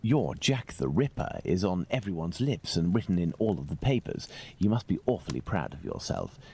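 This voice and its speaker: Sherlock Holmes, deep gravelly detective. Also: male voice, sing-song, dark tone, slight background noise, exaggerated voice. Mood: probing. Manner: measured, pointed questioning. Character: Sherlock Holmes, sharp, probing male detective. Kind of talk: video game voice acting.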